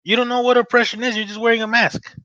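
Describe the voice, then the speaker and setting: A man's voice: very high-pitched, fast talker, no room sound. A man in his late twenties from the United States, hosting a casual podcast and ranting with a lot of swearing. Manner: ranting, profane, animated. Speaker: podcast host. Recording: dull, lo-fi sound.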